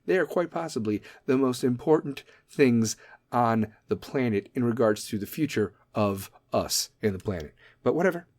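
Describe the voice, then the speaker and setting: A man's voice: mid-range voice, darkish tone. A man hosting a podcast, a military veteran ranting bluntly with heavy swearing and laughing at his own jokes. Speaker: podcast host. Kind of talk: comedic rant.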